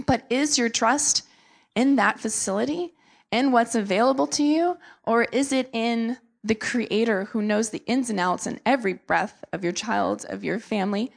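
Earnest young woman with a gravelly edge. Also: a little high, moderate pace. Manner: earnest, emotional, many fillers. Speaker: missionary speaker. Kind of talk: testimony talk to a church.

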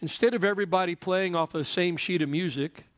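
A man's voice: sits high, brisk, fairly bright tone, no room sound, studio quality. A man preaching a sermon in a joking, conversational way, often checking in with the congregation. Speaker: pastor.

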